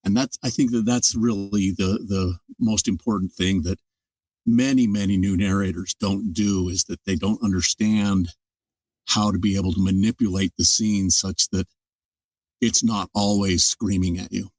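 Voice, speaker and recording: Older male narrator as guest, low-voiced, thoughtful explainer, mic a little distant, dry sound. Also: steady tone, normal speed, a little mellow, no room sound. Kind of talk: casual interview talk.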